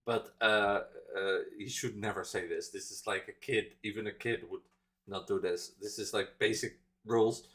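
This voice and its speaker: A man, reacting on a live stream and chatting in a teasing, animated way about language details. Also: lowish voice, moderate pace.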